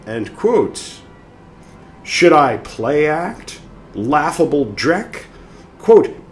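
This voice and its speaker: A man's voice: fairly high pitch, sing-song, extremely slow, long pauses. A man hosting a show, reading a text aloud with a theatrical delivery and adding his own commentary. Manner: dramatic, theatrical reading of quotes. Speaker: host. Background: faint background music.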